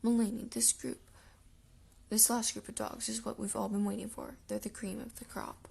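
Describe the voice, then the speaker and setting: A woman reading the lines of an upbeat male dog-show announcer in a children's storybook, in her own gravelly, rough voice. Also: mid-range voice, level tone, normal speed, a little mellow, heavily acted. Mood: chatty. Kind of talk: reading a children's chapter book aloud.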